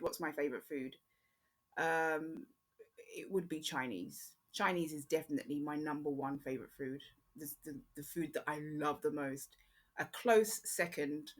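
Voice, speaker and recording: A woman born in Jamaica, speaking with an English accent, hosting her own podcast in a chatty, rambling way with frequent pauses. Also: deep voice, breathy edge. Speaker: podcast host. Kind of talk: casual solo podcast chat.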